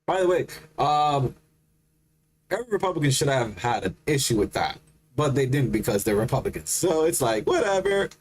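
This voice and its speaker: A man streaming, making offhand, halting comments while reacting to a video. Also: mid-range voice, sing-song, husky. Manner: offhand, halting, laughs along.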